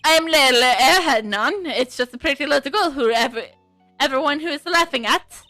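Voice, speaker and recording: A woman's voice: high voice, lively intonation, fairly quick, bright, forceful tone, no room sound, faint music behind. A woman voicing a flamboyant, self-pitying male chef with fake French-tinged phrasing, reading a game aloud. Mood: vain.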